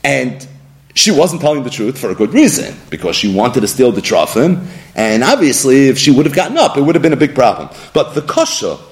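Lively, animated man teaching Torah. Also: medium pitch, a little fast. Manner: animated, acts out quoted speakers and mixes in Hebrew and Aramaic terms. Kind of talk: Torah lesson.

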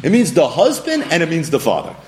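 A man's voice: a little high, huge pitch swings, fast, darkish tone, faint music behind. A man teaching a Talmud study lesson, reading source texts aloud and pressing his points with rising emphasis.

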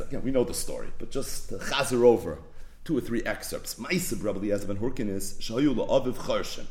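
A man teaching Talmud in peppered with Hebrew and Yiddish, telling the story with animated delivery. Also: a little high. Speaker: Torah teacher. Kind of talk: Talmud lecture.

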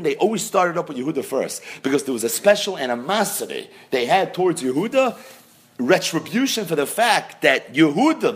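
A man giving a Talmud lesson, explaining the text with emphatic questions and answers. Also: a little high. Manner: lively, emphatic teaching with rhetorical questions. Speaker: Talmud teacher. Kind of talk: daf yomi Talmud lecture.

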